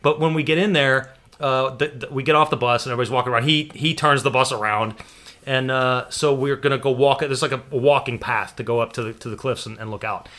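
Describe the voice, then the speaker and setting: An American man telling a long story in casual chat, animated and laughing, with some swearing. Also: mid-range voice, quick pace. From United States.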